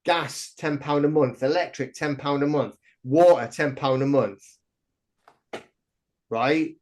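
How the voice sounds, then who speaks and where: A middle-aged man, a podcast guest telling stories in a rambling, excitable way full of restarts. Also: a little high, slow. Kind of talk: casual interview chat.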